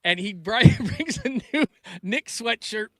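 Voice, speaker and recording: Speaking slowly in a high, animated voice, a man in his forties hosts a sports talk show captured in clean studio sound with no room echo. He rambles, keeps starting sentences over, and drifts off mid-thought, turning loud and laughing whenever family stories come up.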